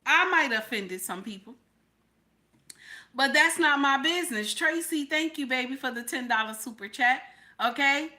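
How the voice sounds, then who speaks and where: A woman's voice: high-pitched, bright, forceful tone. An older woman, giving sassy live-stream commentary and often repeating "okay?". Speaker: reaction streamer.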